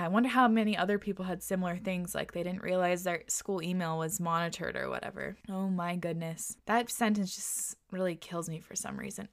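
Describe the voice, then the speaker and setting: A woman hosting a podcast, reading listener stories aloud and reacting with laughter and casual swearing. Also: mid-range voice.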